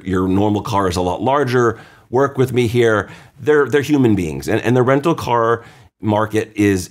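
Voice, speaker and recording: A lower-pitched man talks through insurance questions as the host of his own show. He's conversational and plainspoken, drops into little acted-out quotes from customers, and trips over his own restarts as he goes. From California. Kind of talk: casual explanatory radio talk.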